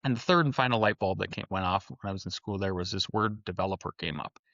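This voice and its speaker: Animated storytelling man in his forties. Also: low voice, quick pace. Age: 40s. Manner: animated storyteller, acts out quoted dialogue. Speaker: podcast guest, architect and entrepreneur. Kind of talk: casual storytelling interview. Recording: dull lo-fi sound, dry.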